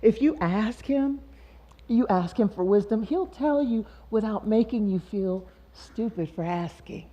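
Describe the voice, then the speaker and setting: A middle-aged woman teaches scripture in a relaxed, conversational way, laughing often and bringing quoted figures to life. Her voice sits in a middle register, and the recording sounds a little dull and lo-fi. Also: mid-range voice, unhurried. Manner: warm, laughing, expressive. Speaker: guest speaker.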